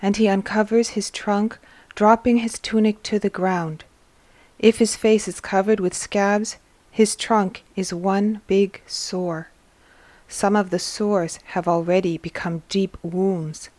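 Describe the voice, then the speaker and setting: A woman's voice: medium pitch, steady tone, takes it slowly, a little mellow, no room sound. A woman hosting a religious teaching episode, reading a book aloud and stopping to explain what it means in an earnest tone. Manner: earnest, explains as she reads. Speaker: host and reader.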